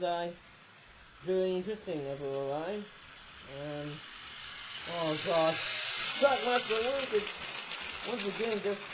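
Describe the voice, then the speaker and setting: A man with a high-pitched voice chats casually through a toy review, rambling from one thought to the next. He keeps pausing to hunt for words and ends many phrases with a quick "eh?". A faint hiss sits under the recording. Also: a little mellow, rough recording. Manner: often gropes for words aloud.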